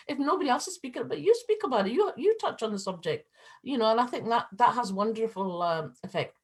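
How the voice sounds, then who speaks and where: A middle-aged woman speaking as a panelist on a video call, talking passionately and building to emphatic appeals. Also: on the high side. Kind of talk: earnest discussion on a video call.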